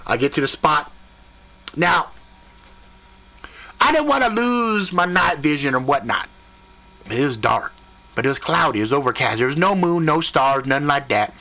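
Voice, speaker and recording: A man tells a comic story with big swings of pitch and a bright, forceful tone. He swears freely and throws in voices and sound effects as he goes. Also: moderate pace, pauses often. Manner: animated, profane, jumps into voices and sound effects. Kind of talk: comedic spoken storytelling.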